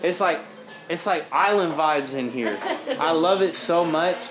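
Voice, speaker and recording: This guest, a rapper from Oregon, talks casually and animatedly in a lounge bar, throwing in slang and laughing a lot. His voice is on the high side and a little slow, heard over music.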